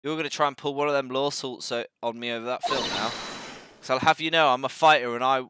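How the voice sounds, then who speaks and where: A man's voice: medium pitch, fast, noisy background, natural voice. Feisty Southern woman photographer, done by a man, folksy drawl, blustering. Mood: defiant. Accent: American Southern put-on. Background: loud game music.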